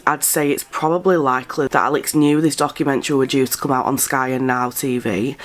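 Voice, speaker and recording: A woman giving blunt, incredulous gossip commentary and swearing freely. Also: rumbling low. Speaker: commentary vlogger.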